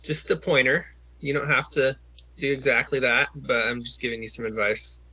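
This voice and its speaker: A man's voice: mid-range voice, fairly even intonation, moderate pace, bright, forceful tone, slightly rough. A man working as a job coach, talking someone through a phone call in a patient, encouraging way with lots of fillers and restarts, over a video call.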